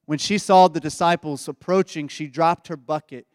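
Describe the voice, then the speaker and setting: A man's voice: on the high side, fairly even intonation, moderate pace, darkish tone, no room sound, studio quality. A man preaching a sermon as pastor, retelling a scripture story in casual everyday words. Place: church.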